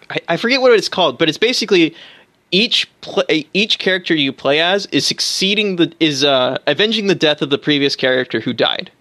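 A man's voice: fairly high pitch, lively intonation, fairly quick, bright, forceful tone, dry recording. A man co-hosting a casual podcast about tabletop games, talking enthusiastically with fillers and restarts. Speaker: podcast co-host.

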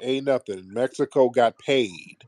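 A man's voice: mid-range voice, unhurried, darkish tone, dry recording, clean studio sound. A man hosting a call-in show, sarcastic and combative, trading insults with callers and calling them sir.

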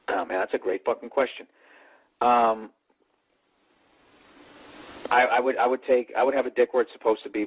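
A man's voice: mid-range voice, husky, narrow, tinny audio. A man on a podcast reading out listener questions and answering with amused profanity.

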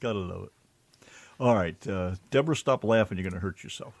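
A man's voice: low voice, fairly quick, gravelly, no echo. A man with an American accent co-hosting an online radio show, telling crude jokes in casual banter. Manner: joking, crude, animated.

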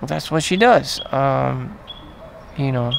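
Gravelly, rambling, profane man. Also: medium pitch, a little hiss or hum. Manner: rambling, profane, frequent fillers and trailing pauses. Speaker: vlogger. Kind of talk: casual rambling monologue.

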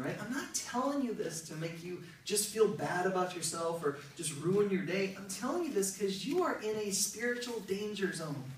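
A man's voice: high-pitched, animated, normal speed. A male pastor preaching a sermon in a conversational, emphatic way. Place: church hall. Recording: very echoey, from far off, faint noise.

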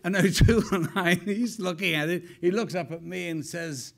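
An older man telling lively anecdotes on stage, laughing as he goes. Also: high voice, moderate pace, creaky. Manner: animated, laughing as he tells stories. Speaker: guest actor. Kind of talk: onstage anecdotal storytelling. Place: stage event before an audience.

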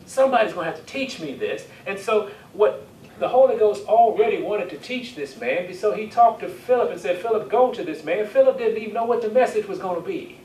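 Man preaching, fairly high voice, call-and-response, roomy hall, heard from afar. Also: a little mellow. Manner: call-and-response, asks the congregation for amens; reads scripture aloud in King James wording. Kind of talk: sermon with Bible reading. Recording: echoey church hall, distant mic, faint hiss.

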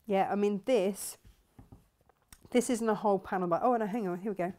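A woman's voice: mid-range voice, normal speed, warm tone. Woman, sewing demonstration host, chatty, enthusiastic, thinks aloud.

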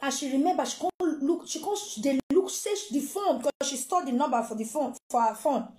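A Nigerian woman tells a story with lots of drama, her voice high and bright in pitch but mellow in tone. She acts out the people in her tale. The sound bounces around an echoey room. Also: a little fast. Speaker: storyteller host. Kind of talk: casual storytelling in pidgin.

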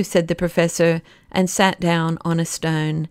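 Woman, audiobook narrator, measured, low voice, dry close sound. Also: steady tone, darkish tone, clear, resonant tone, no room sound. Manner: measured, storytelling.

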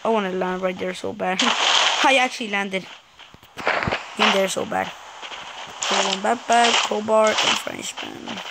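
A woman gamer giving excitable let's play commentary, swearing, yelping and muttering at the game. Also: medium pitch, unhurried, long pauses, very noisy.

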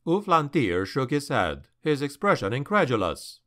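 A man narrating a dark fantasy audiobook in a slow, deliberate, dramatic manner. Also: mid-range voice, sing-song.

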